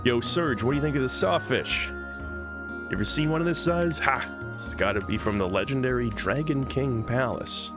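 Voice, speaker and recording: A man voicing a cheerful, rough male villager who boasts excitedly about a big fish, in a game read-along. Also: medium pitch, moderate pace, pitched above the performer's own voice, lightly acted. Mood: boastful. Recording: game music behind.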